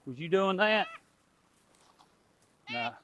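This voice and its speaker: A man's voice: high-pitched, lively intonation, slow pace, a bit bright, lo-fi sound, slight background noise. A middle-aged man, chatting casually to his viewers and animals outdoors on a farm. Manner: folksy, talks to animals and viewers. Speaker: homestead vlogger.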